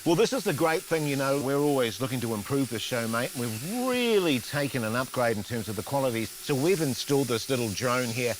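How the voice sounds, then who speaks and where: A man's voice: medium pitch, animated, fairly quick, few pauses, noisy background. A man with a New Zealand accent co-hosting a comedy show, using chirpy, overly earnest presenter patter.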